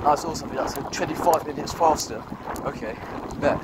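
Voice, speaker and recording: A man's voice: on the high side, a little fast, heavy background noise. A young man vlogging from an electric bike outdoors. He rants and swears at his sat-nav in casual running commentary, picked up by a bike-mounted camera. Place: outdoors on an electric bike along paths and roads.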